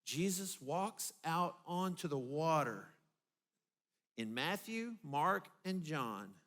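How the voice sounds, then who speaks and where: A man preaching a sermon as pastor, telling the story vividly with dramatic pauses and dropping low for emphasis. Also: lively intonation, a bit bright. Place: church.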